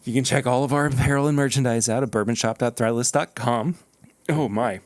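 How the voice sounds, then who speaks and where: A man hosting a casual podcast, upbeat and quick to laugh, reading plugs quickly. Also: medium pitch, fairly even intonation, no room sound. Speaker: podcast host.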